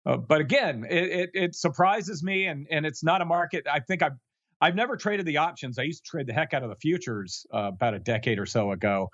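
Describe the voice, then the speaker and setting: A man's voice: fairly high pitch, lively intonation, brisk, fairly bright tone, no echo. Man, guest expert, rambling, self-deprecating, muffled dry recording. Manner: rambling, self-deprecating humor, many restarts. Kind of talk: casual interview chat.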